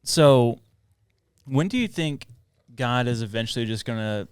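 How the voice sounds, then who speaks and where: A man co-hosting a casual podcast, with a smooth, resonant voice and a playful, rambling way of talking. He sounds close and dry on a studio mic. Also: medium pitch, expressive, a little slow, dry recording. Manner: playful, jumps between jokes and musings. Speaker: podcast co-host. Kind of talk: casual chat.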